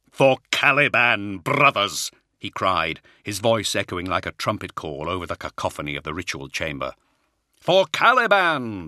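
A man narrates a war audiobook in a lowish voice with a bright, forceful edge. His reading is dramatic, and he pushes his voice up for the shouted battle cries. The recording is close and dry. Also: no room sound. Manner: dramatic, raises voice for shouted lines.

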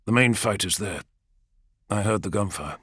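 A man reading an audiobook, voicing a stern male warrior captain who speaks low, quiet and clipped. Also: normal speed, husky, no echo, clean studio sound. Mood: grim. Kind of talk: audiobook character voice.

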